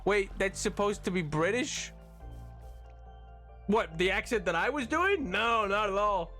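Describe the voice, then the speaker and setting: A man streaming, chatting casually with his viewers, who laughs often and keeps an animated back-and-forth going. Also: high-pitched, a little slow, soft background music. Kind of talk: casual live-stream chat, reading chat messages.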